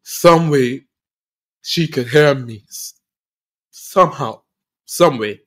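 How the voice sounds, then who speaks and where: A man hosting a podcast, telling a personal story of loss in an emotional, halting way, often repeating phrases, with earnest faith. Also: mid-range voice, fairly bright tone. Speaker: podcast host.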